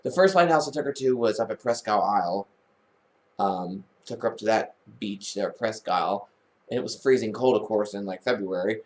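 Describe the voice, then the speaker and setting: Man, vlogger, casual storytelling, rambling, restarts often, animated when quoting. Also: lowish voice. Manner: rambling, with many restarts and false starts. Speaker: vlogger telling a family story.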